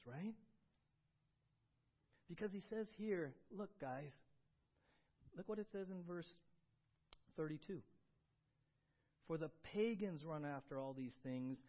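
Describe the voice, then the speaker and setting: A man preaching a sermon as pastor, shifting between quiet confession and loud, urgent exhortation. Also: fairly high pitch, lo-fi sound.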